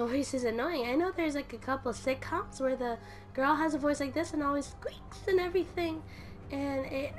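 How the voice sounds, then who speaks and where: Hoarse sick woman chatting while gaming. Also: high voice. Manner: rambling and self-deprecating. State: hoarse from a cold. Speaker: gaming YouTuber. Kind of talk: casual commentary while playing.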